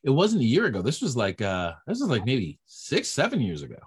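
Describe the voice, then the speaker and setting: A man's voice: mid-range voice, brisk, husky. A man, a stand-up comedian, telling stories in a casual chat and acting out the people in them. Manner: animated storyteller acting out quoted voices.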